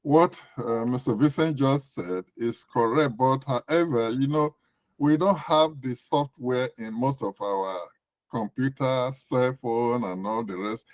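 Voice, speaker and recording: A man from Nigeria runs through a long, chatty explanation during an online class. His voice sits at a middling pitch, with a dry, close sound over the video call. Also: a little slow, a little mellow, no room sound. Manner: talkative, explains at length.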